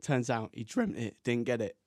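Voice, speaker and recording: Young man, podcast guest, laughing anecdote, lively pitch, dry close mic. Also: normal speed, dry recording. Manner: laughing, builds to a punchline. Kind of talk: casual anecdote.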